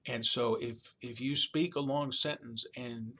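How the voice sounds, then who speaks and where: A man's voice: medium pitch, fairly even intonation, a little slow, bright, forceful tone. A man giving a recorded college lecture in a conversational way, often checking in with "all right?" and "okay?", sometimes imitating baby babble. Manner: demonstrates baby babbling sounds.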